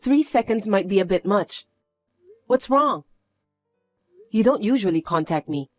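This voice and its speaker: A woman narrating a dramatized story in the first person, answering in a flat, weary and dismissive way. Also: mid-range voice, a little slow, faint music behind.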